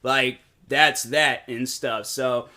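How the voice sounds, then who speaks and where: A man's voice: mid-range voice, fairly even intonation, slow pace, pushed and bright. A young man, a streamer, telling a rambling story in a casual monologue, full of slang and filler words.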